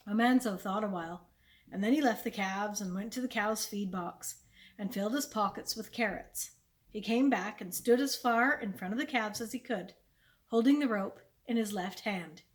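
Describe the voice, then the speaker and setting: Woman reading a chapter book aloud, slightly high voice, clear and expressive, library story time.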